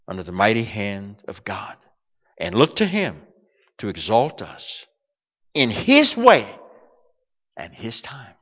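Pastor, man, from the US; high, animated preaching voice, long hall echo. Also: takes it slowly, long pauses. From United States. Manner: preachy, animated, swings between loud declarations and soft asides. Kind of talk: sermon.

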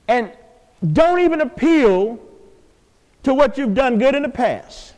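An older man preaching a sermon in a church, swinging from hushed, drawn-out pleas to loud calls to the congregation. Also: very high voice, expressive. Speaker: pastor. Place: church sanctuary. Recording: long hall reverb.

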